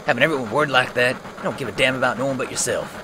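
A man doing Barret, a loud gruff rebel boss. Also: lowish voice, unhurried, background noise. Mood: angry. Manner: shouting, blustering. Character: gruff loud burly male rebel leader.

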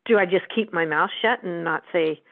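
A woman calling into an advice show, self-deprecating and quick to laugh. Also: lowish voice, gravelly. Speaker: caller. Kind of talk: call-in advice talk. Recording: tinny phone line.

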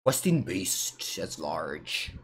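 A man's voice: low-pitched, drawn-out words, breathy edge. Italian man muttering through a card game. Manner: muttering thoughts aloud, with sudden excited outbursts. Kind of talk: live gameplay commentary.

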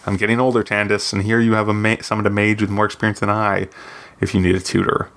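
A man's voice: on the low side, little pitch movement, fast talker, a bit bright. A man reading aloud, voicing a proud, sardonic older woman mage who teaches, with a dry, cutting manner. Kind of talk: audiobook reading.

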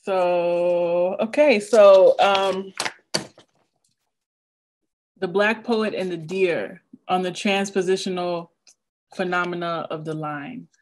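A woman poet giving a craft talk over a video call, reading a prepared lecture in a measured, rhythmic cadence and sounding a little nervous. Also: lowish voice, steady tone, darkish tone.

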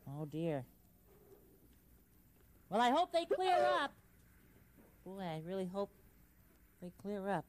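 Big friendly kid bird, wondering and earnest, slow and singsong, old kids tv puppet. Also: male voice, sits high, wildly swooping pitch, exaggerated voice. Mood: sympathetic. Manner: wide-swinging, wondering, earnest voice. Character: giant childlike male bird, friendly and innocent. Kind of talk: 1970s children's TV puppet acting.

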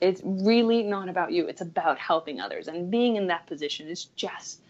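A woman's voice: lowish voice, a little fast, few pauses, a little mellow, muffled recording. A woman in her thirties, a guest career coach, chatting with enthusiasm and saying "like" often. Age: 30s. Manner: enthusiastic, chatty, many "like" fillers. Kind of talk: casual interview talk.

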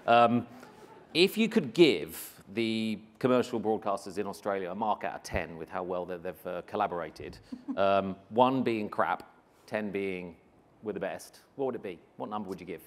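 A man's voice: lowish voice, normal speed. A man moderating a conference panel, playful and teasing as he presses for answers. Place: conference stage before an audience.

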